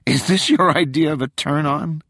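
A man's voice: fairly high pitch, normal speed, a bit bright, dry recording, clean studio sound, pitched above the performer's own voice. A man voicing a wry young woman who teases and needles in a sarcastic, exasperated way. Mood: wry teasing.

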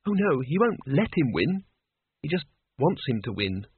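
A man voicing a bitter young woman in an audiobook, pitching his voice up. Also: sing-song, moderate pace, slightly rough, no echo, heavily acted. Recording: tinny phone-like sound.

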